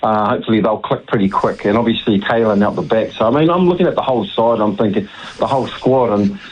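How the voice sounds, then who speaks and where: A man's voice: fairly low pitch, fast, slightly rough, dull audio. A man from New Zealand phoning in to a radio show, talking in a rambling, hesitant way full of "mate" and fillers. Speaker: radio caller. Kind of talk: phone-in chat.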